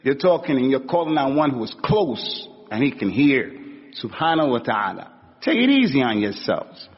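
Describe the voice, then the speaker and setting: A man's voice: medium pitch, sing-song, normal speed, breathy edge. A man giving an informal sermon in a conversational, slangy way, acting out little stories as he goes. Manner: conversational, street slang, acts out anecdotes. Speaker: preacher. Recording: dull recording with long hall reverb.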